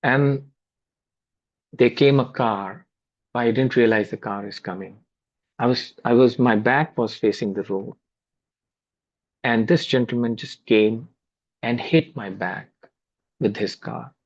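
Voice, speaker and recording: A man's voice: mid-range voice, takes it slowly, long pauses. Man with Indian accent, dull video call. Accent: Indian English. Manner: anecdotal, repeats words, conversational. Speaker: spiritual class speaker. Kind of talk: storytelling in a spiritual talk.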